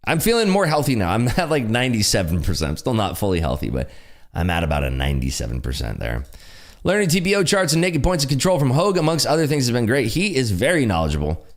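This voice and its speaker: Loud, lively man on a trading livestream. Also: medium pitch, fast talker. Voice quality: loud, projecting voice. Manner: lively, enthusiastic, frequent laughs. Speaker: day trading livestream host. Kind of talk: casual livestream chat reading viewer comments.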